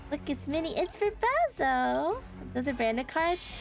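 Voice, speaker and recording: A woman's voice: sits high, vocal fry. A woman streaming a card game live, chatting with viewers in a playful, sarcastic way and laughing often. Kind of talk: casual live-stream chat while playing a card game.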